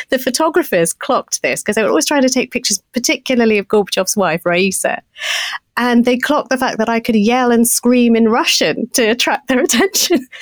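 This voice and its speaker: A middle-aged woman hosting a podcast, telling a story in an animated, self-mocking way and laughing often. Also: a little high, no echo. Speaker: podcast co-host. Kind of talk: casual storytelling chat.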